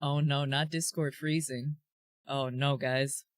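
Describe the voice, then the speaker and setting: A man's voice: medium pitch, level tone, takes it slowly, dry recording, clean studio sound. A man hosting a casual gaming chat who chimes in briefly and laughs easily.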